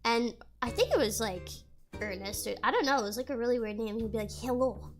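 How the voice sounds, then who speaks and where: A woman's voice: on the high side, quick pace, soft background music. A young woman streamer chatting casually with her viewers, rambling and giggling, with a stuffy nose. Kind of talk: casual chat reading chat aloud.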